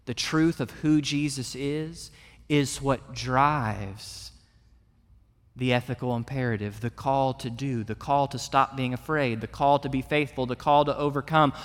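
A man's voice: medium pitch, fairly even intonation, normal speed. A man preaching a sermon as pastor to his congregation, earnest and building to emphatic peaks. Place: church sanctuary. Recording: long reverb of a large hall.

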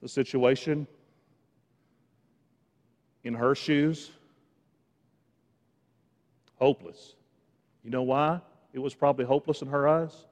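A man preaching a sermon in a church, swinging between hushed, quiet lines and loud, rising ones, with touches of sarcasm. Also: medium pitch, fairly even intonation, slow pace, pauses often, big-room sound. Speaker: pastor. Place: church sanctuary.

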